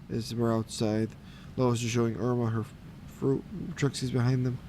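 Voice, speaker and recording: A man's voice: medium pitch, level tone, measured pace, darkish tone, a little hiss or hum. A man reading comic strips aloud for a radio reading service, in a plain, easygoing way with small fillers.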